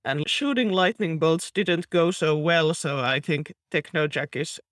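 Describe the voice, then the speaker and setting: Casting: slow, slightly high-voiced male player, playful and hesitant. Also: a bit bright, no echo, studio quality. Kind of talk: casual tabletop play.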